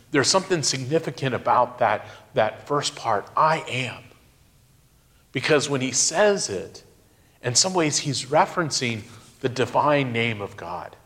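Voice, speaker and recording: A middle-aged man giving a sermon, speaking in a slow, reflective way with emphatic pauses. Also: mid-range voice, a bit bright. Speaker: pastor.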